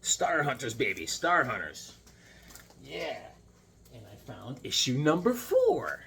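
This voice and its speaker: A middle-aged man vlogging about comic books in a casual, rambling way, full of restarts and animated retellings. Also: medium pitch, takes it slowly, creaky, slight background noise. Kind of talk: casual chat.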